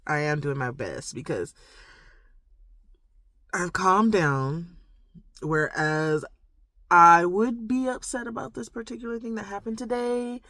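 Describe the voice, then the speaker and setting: A woman's voice: medium pitch, fairly bright tone, no room sound, clean studio sound. Rambling confessional woman vlogger. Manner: rambling, full of "like" and "you know", reflective. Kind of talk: confessional casual monologue to camera.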